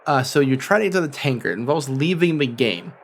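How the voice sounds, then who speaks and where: A man's voice: mid-range voice, sing-song, slight background noise. A man running a tabletop role-playing game as guest game master, narrating casually. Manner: casual, quick asides.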